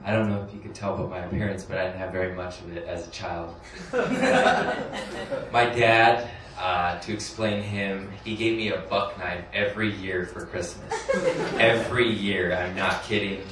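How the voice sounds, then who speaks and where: A stand-up comedian with a low voice, fairly even intonation and moderate pace tells a rambling, crude, self-deprecating story, chuckling through his lines. He's recorded from a distance in an echoey, noisy room.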